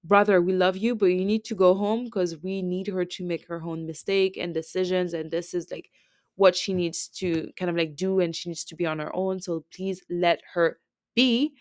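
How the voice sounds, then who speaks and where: On a podcast, a woman host with a French accent rambles through a casual, chatty recap packed with filler words. Her voice sits on the low side with fairly even intonation and a moderate pace. The recording is dry and studio quality.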